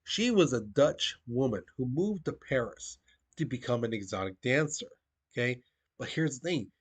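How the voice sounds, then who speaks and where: A man's voice: mid-range voice, a bit bright. Chatty man teaching a history lesson. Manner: casual, conversational, peppered with "okay?" and "the thing is".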